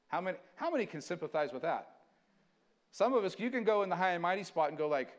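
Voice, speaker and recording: A man preaching a sermon, switching between earnest conversational teaching and slow, dramatic scripture reading. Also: fairly high pitch, animated. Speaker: pastor.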